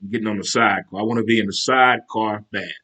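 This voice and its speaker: A man hosting his own casual talk show, animated and chatty, breaking into military cadence chants. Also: on the low side, fast talker. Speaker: show host.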